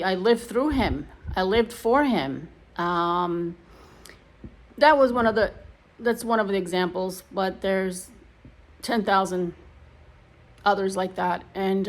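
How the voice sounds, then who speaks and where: A middle-aged woman vlogging, telling her own painful story in a casual, emotional, rambling way with many restarts. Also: mid-range voice. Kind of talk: casual personal storytelling to camera.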